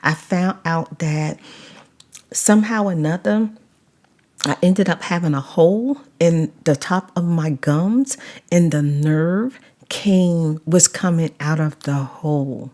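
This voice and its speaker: A woman telling her own story on camera. She talks slowly in a lowish voice and draws words out for emphasis. She stays animated the whole way through. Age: adult, mother of a child. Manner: animated retelling, drawn-out emphasis. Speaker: vlogger. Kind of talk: casual storytime.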